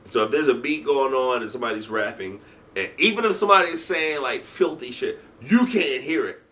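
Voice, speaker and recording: A man telling a story in a casual chat. He is animated, often laughs and restarts his sentences. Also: medium pitch, brisk. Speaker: guest storyteller, convention founder.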